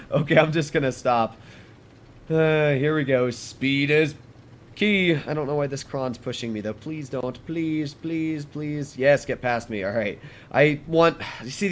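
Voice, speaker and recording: A young man giving casual, chatty commentary over his own tank gameplay, correcting himself and humming as he plays. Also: medium pitch. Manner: chatty, self-correcting, hums tunes while playing. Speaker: gaming YouTuber.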